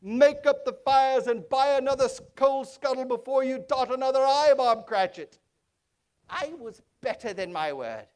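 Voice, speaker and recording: A man playing an elderly reformed miser in a stage monologue, chuckling and exuberant, dropping to low hushed tones when he tells his story. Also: moderate pace, smooth. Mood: mock-stern jovial, then earnest. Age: older. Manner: exuberant, chuckling, switches between high excitement and low hushed narration. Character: old reformed miser, giddy and warm-hearted male. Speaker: stage performer in a one-man show.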